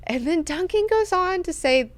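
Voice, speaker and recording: A woman's voice: extremely high pitch, normal speed, no echo. Woman hosting a book club, slangy and swears a lot, dry close sound. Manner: animated, slangy, profane. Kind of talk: casual book recap.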